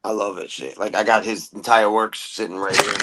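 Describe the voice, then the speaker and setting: A man's voice: lowish voice, steady tone, a little fast, heavy background noise. A man from New York co-hosting a casual late-night chat, full of laughter, slang and loose, profane banter. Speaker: podcast co-host.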